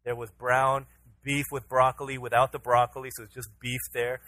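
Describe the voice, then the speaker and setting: Brief: male pastor, 30s, bright, forceful voice, storytelling sermon that acts out the dialogue. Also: mid-range voice, level tone, normal speed, rough recording. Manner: storytelling, acts out his own pleading voice to his toddler.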